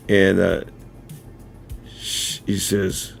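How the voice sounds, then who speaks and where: Speaking a little slowly with frequent pauses, a livestream host uses a lowish, steady, darkish voice marked by vocal fry. His rambling, self-correcting story is dotted with chuckles before he earnestly addresses viewers directly. A camera mic catches faint background music.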